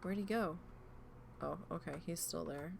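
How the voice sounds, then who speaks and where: A woman streamer chatting casually while gaming, rambling and swearing freely as she tells an animated story. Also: lowish voice, unhurried, gravelly, a little hiss or hum.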